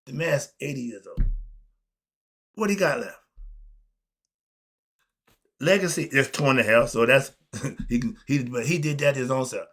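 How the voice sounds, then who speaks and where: A man ranting on his own commentary show, emphatic and animated, asking rhetorical questions and swinging between loud outbursts and low mutters. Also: a little slow, pauses often. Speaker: commentary channel host. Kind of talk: unscripted solo rant.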